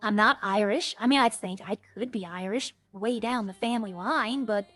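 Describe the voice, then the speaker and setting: A woman's voice: mid-range voice, normal speed, fairly bright tone. A woman streamer rambling in casual, self-deprecating chat with her viewers.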